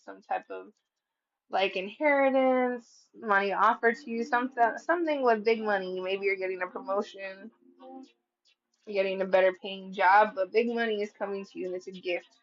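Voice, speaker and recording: Blunt, profane woman reading tarot cards. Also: mid-range voice. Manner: blunt and profane, laughing at her own card readings, acting out quotes. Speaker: tarot reader. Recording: slightly dull lo-fi sound.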